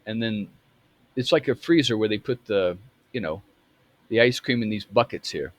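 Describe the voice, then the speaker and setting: A man in his fifties telling a personal story in a halting way, with many restarts. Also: fairly low pitch, dry recording. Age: 50s. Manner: halting, full of restarts and fillers. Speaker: storyteller recounting a memory.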